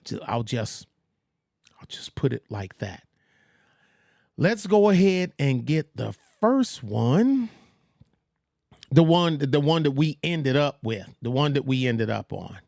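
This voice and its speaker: A man's voice: medium pitch, sing-song, slow, creaky, pauses often, a little mellow, dry recording, studio quality. A man hosting a casual livestream, rambling with blunt, trash-talking asides. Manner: mocks others in put-on voices. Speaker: livestream host.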